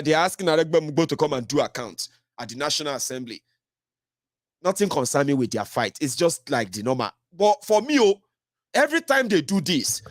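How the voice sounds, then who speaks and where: A Nigerian man hosting solo political commentary, mocking and animated, slipping into Pidgin. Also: a little high, dry recording, clean studio sound.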